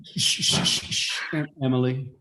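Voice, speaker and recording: A man reading the part of a gentle father of the bride, soothing and measured, in a staged play reading. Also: high-pitched, expressive. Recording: echoey room.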